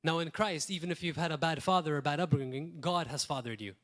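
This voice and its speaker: A man from Malta preaching a sermon in a church, earnest, asking rhetorical questions and swinging between loud emphasis and quiet asides. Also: fairly high pitch, fast talker. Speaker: pastor.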